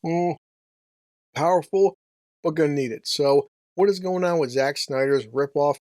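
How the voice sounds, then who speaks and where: A man's voice: a little high, measured pace, darkish tone, faint music behind. A man giving a casual, brash, joking movie review with some profanity.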